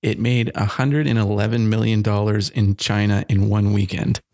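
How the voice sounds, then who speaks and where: Low gravelly guy in casual chat. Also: level tone, moderate pace, darkish tone, no echo, studio quality. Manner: rambling, laughs often. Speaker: podcast co-host. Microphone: studio mic.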